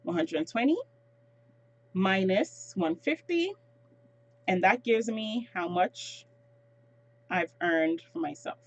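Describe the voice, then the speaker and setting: A woman giving a casual sales training talk, explaining step by step with quick asides. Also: mid-range voice, animated.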